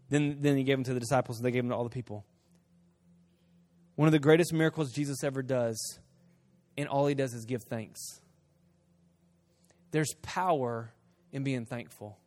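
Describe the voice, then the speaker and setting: A man preaching a sermon, dropping to a hush and then rising to loud emphasis, acting out short dialogues in different voices. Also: medium pitch. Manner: swings from hushed to loud, emphatic. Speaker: pastor.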